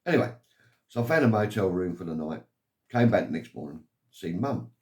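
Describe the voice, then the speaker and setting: Older man from England, deep low voice, rambling, aggrieved storytelling. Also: expressive, brisk, a little mellow. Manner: meandering, aggrieved, keeps saying "anyway". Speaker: vlogger telling his life story.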